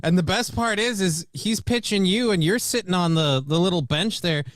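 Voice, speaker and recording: A man on a morning radio show banters with his co-host, teasing him and jumping in to finish the stories. His voice is a little high for a man. The studio sound is dry and close. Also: moderate pace, fairly bright tone, no echo. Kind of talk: casual banter.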